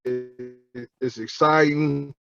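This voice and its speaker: Halting man on a breaking-up call line. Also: medium pitch, fairly even intonation, vocal fry, fairly bright tone, dull audio, soft background music. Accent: Cleveland. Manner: halting, repeats words, says he is not a talker. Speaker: guest, co-founder. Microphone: remote call.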